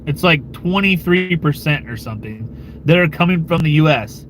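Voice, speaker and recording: A man's voice: on the high side, moderate pace, slight background noise. A man from the United States hosting his own channel, chatting casually and loosely with live-stream viewers, swearing and chuckling as he goes. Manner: rambling and relaxed, with frequent fillers, swearing and chuckles.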